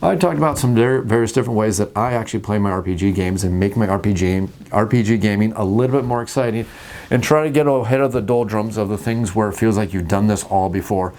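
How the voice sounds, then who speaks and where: A man hosting a casual talk about tabletop games, jokey and animated, acting out scenes at the table. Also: fairly low pitch, fast talker. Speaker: host.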